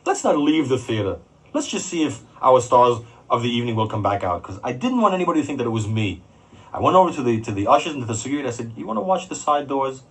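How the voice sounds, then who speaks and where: A man who runs concerts telling a story in a blunt, animated, profane way. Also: medium pitch, quick pace, husky, low-quality recording. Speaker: concert promoter. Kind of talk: recorded anecdote.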